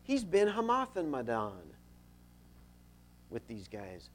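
A man's voice: mid-range voice, huge pitch swings, slow. A man preaching a sermon in a conversational, storytelling way, stressing key points.

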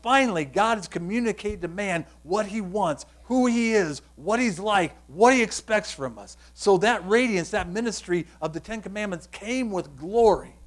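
A man delivering a sermon in a slightly raised voice. He works through scripture with rhetorical questions, dropping to a hush and then building to loud, emphatic lines. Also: sits high, expressive, normal speed, few pauses. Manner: earnest, explanatory, asks rhetorical questions; swings between hushed and loud emphatic passages. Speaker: preacher.

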